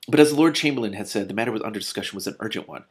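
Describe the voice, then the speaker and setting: A man reading a children's novel aloud, breaking off for excited, gushing asides. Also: fairly low pitch, very fast, husky. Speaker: reader.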